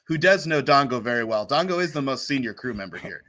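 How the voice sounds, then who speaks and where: A man's voice: medium pitch, expressive, fast, bright, forceful tone. A man narrating as game master of a tabletop role-playing game, playful and chatty.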